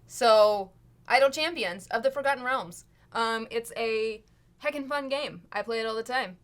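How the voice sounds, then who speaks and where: A woman's voice: fairly high pitch, moderate pace. A woman from the cast reading a sponsor plug in a playful, goofy and slangy way.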